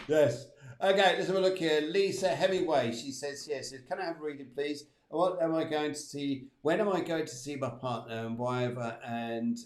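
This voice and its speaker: A man's voice: on the high side, reverberant. A man hosting a live spiritual show, chatting and giving readings to viewers. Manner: chatty, reads out viewer requests. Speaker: medium and show host.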